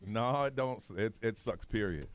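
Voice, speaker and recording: A man's voice: on the low side, moderate pace, crowd noise. A man hosting morning radio, telling a story in a casual way and acting out the people in it. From United States. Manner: animated, acts out other people's voices in his stories. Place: radio studio.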